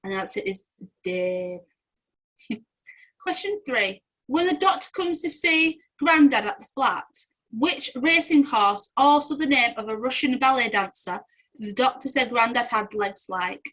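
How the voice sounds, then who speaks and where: A woman's voice: high-pitched, measured pace, pushed and bright, low-quality recording. Giggly woman reading quiz answers. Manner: giggly, chatty, often breaks into laughter. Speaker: quiz host. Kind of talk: casual quiz answer walkthrough.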